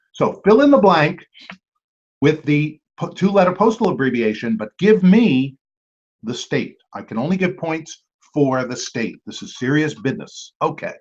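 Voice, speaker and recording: A man runs a trivia game, reading each clue twice in a lively voice that rises and falls a lot. Between questions he slips in chatty asides and quick apologies to the teams. The recording is dull and lo-fi. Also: medium pitch, husky. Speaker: quiz host.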